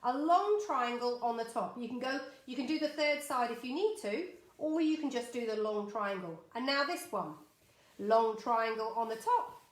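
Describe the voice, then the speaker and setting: In a roomy, echoey room, this middle-aged woman teaches drawing live from her home studio, talking to viewers and cheering them on while she works. She sounds bright, high-pitched, and expressive, keeping a moderate pace.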